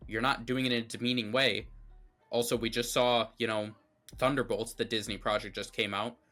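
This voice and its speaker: Blunt, bright-voiced man ranting. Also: medium pitch. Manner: blunt, opinionated and ranting, lots of fillers. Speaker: co-host of a movie review show. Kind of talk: casual review chat.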